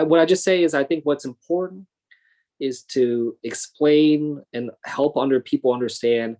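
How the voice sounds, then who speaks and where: A man's voice: medium pitch, a little mellow. Earnest, reflective man in his thirties. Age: 30s. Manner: earnest and thoughtful, with frequent fillers and restarts. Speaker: congressman and guest speaker. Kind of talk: reflective panel conversation.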